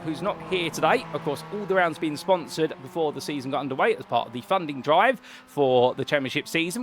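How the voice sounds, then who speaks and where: Chatty British man commentating sim racing. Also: mid-range voice. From United Kingdom. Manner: chatty, rambling, polite British phrasing. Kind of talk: solo race commentary.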